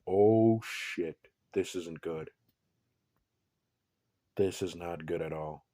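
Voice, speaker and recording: Man voicing a smug young antihero, low murmur, dark tone, unhurried; fan audio story. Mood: muttering. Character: cocky overpowered young male villain hero.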